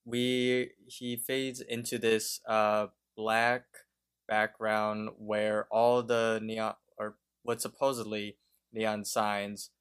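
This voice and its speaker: A man co-hosting a casual podcast speaks slowly in a smooth, clear voice that sits a little low. He stops and restarts often, working out his thoughts as he goes. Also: level tone, fairly bright tone. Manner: hesitant, thinks aloud with restarts. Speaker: podcast co-host.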